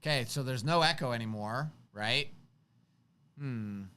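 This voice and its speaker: A man's voice: mid-range voice, a little slow, pushed and bright, clean tone. A man co-hosting a live stream in casual chat, teasing and boastful.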